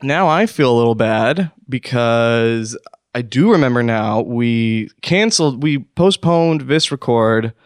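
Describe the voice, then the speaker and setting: Man, podcast host, comic solo rant, dry studio sound, mid-pitched, hushed then exploding. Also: expressive, takes it slowly, smooth, no room sound. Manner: rambling, swings from hushed self-soothing to outbursts.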